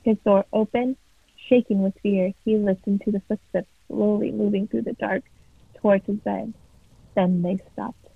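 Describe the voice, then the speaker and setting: A woman's voice: medium pitch, fairly even intonation, normal speed, creaky, breathy edge, no echo. A woman casually reading a scary story aloud as a podcast co-host. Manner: casual, swears freely. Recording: tinny phone-like sound.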